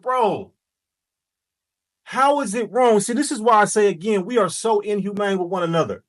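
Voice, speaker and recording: A man hosting a reaction commentary, talking in a preachy, emphatic way that rises to shouts. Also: sits high, normal speed. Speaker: commentary host.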